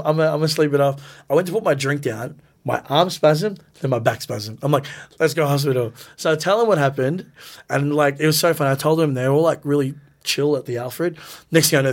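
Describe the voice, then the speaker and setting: A man with a fairly high-pitched voice tells his stories in a relaxed, chatty interview. He gets animated and raises his voice when he acts out what people said. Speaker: professional wrestler guest. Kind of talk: casual storytelling in a podcast interview.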